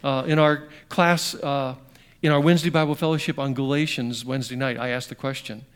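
A middle-aged man preaching a sermon conversationally, asking his congregation questions and swinging between emphatic bursts and quiet, slowed passages. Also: medium pitch, steady tone, clean tone. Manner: conversational, asks the audience questions. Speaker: pastor.

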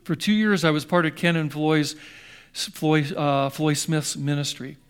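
A man's voice: fairly high pitch, fairly even intonation, a little slow, clean tone. An older man preaching a sermon in a conversational, rambling way, full of restarts and asides. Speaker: pastor.

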